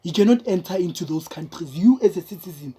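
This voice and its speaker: A woman with a South African accent, her voice low and a little husky, with a dark, mellow tone. She speaks in casual commentary to her viewers, emphatic and repetitive, and keeps calling them guys. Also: lively intonation, quick pace. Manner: emphatic, repeats words, addresses viewers as guys.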